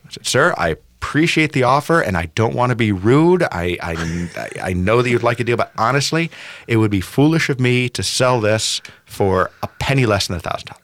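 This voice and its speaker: A man telling a long story in casual chat, animated and swinging between loud and soft. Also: on the low side, fairly quick, no room sound.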